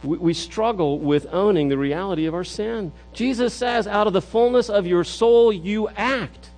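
Gravelly-voiced man preaching a sermon. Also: sits high, normal speed, darkish tone, low-quality recording. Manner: earnest, repeats words as he builds a point. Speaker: pastor.

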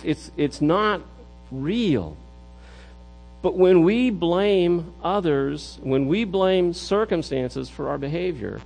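A man's voice: fairly high pitch, vocal fry, a little mellow, rough recording. A middle-aged man preaching a sermon in an earnest way, often repeating words as he builds a point. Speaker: pastor.

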